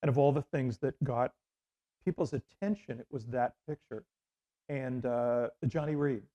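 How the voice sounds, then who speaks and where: A man's voice: medium pitch, normal speed, dark tone, muffled recording. A middle-aged man from Canada, a former radio host, telling rambling anecdotes in an interview with many restarts and fillers. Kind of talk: casual interview storytelling.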